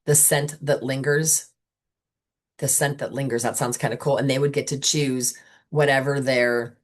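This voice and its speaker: A chatty, enthusiastic woman with a low voice talks sales consultants through a booking idea. She is middle-aged and relaxed, and she slips into quick acted-out customer chats. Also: husky. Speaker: sales trainer for beauty consultants. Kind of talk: casual coaching talk.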